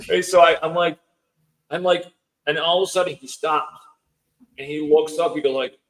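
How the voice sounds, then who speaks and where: This rough recording captures a house owner guesting on a podcast, his voice medium in pitch and his pace normal. He spins out a long, relaxed tale packed with quoted dialogue from others, stopping to restart and leaning on fillers throughout.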